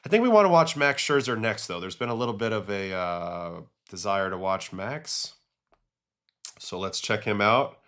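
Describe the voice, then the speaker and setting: A man with a somewhat low voice hosts a relaxed livestream. He chats loosely as he reacts to game clips and reads chat questions, mixing stories with quick takes. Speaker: host, former pitcher. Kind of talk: casual livestream commentary.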